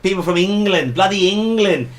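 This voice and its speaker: A man with a Glasgow Scottish accent co-hosts a relaxed talk show. His voice sits high and swoops through a lively range as he rants and mimics other people. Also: normal speed. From Scotland. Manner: animated, ranting storyteller who mimics others. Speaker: co-host. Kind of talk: casual chat.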